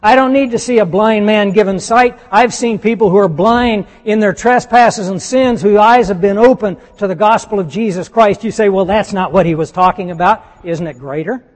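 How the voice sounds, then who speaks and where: A high-pitched man preaches with emphatic force and asks his listeners question after question. His voice rings through the long reverb of a large church hall. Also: normal speed, few pauses. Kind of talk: sermon.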